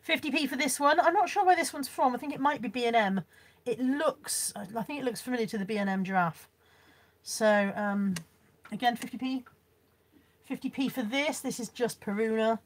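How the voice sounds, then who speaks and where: A woman's voice: on the high side, normal speed. A woman chatting casually on a live stream as she shows off a car boot haul and reads out viewers' comments, laughing often.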